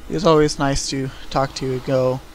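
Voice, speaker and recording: A young man who makes gameplay videos rambles casually through a let's-play, his relaxed commentary full of fillers. His voice is medium-pitched and moves at a normal speed. Recorded at home, it carries clear game music and slight background noise.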